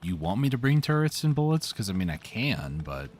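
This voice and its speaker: A man's voice: on the low side, sing-song, brisk, a little mellow, slight background noise. A man hosting a co-op gameplay session, chatting casually in a laid-back, teasing way. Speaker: let's play host.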